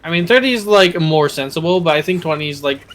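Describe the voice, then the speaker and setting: A man's voice: a little high, fast. Easygoing male co-player. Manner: relaxed explaining with hesitant fillers. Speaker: co-player guest. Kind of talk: casual chat while gaming.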